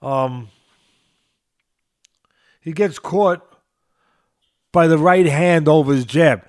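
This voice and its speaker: An older man with a New York accent hosts a boxing podcast, analyzing a fight in an emphatic way and circling back to repeat his points. His voice sits somewhat high for a man. The sound is dry and close, with no room echo. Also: slow pace, a little mellow. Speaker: boxing trainer and show host.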